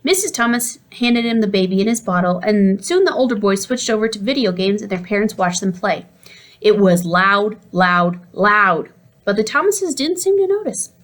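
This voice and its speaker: A woman narrating a children's storybook aloud, lively and expressive, with a fairly high voice. She shifts easily into character voices as the story goes. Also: brisk, few pauses. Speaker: audiobook reader.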